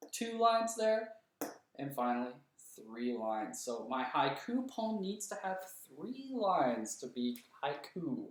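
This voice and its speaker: A young male kindergarten teacher giving a lesson from home, speaking slowly and clearly and counting along with the children. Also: a little high. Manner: slow, clear, encouraging, counts and claps along. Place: room at home. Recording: echoey room.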